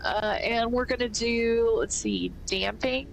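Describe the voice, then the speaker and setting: A woman's voice: fairly high pitch, sing-song, slow, creaky, slight background noise, rough recording. A woman casually commentating a video game playthrough, thinking aloud with a stuffy nose. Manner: thinks aloud, rambling with fillers. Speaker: gaming streamer.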